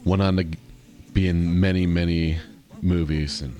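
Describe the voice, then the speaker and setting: A man's voice: low-pitched, fairly even intonation, moderate pace, warm tone. A man hosting a comedy podcast, reading a mock-serious documentary script in a playful, absurd way. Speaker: podcast host. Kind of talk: comedic read-aloud narration.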